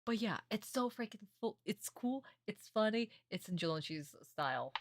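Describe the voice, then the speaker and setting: A woman streamer giving casual reaction commentary on an anime, animated and affectionate, calling her viewers darlings. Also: medium pitch, normal speed, no room sound, clean studio sound.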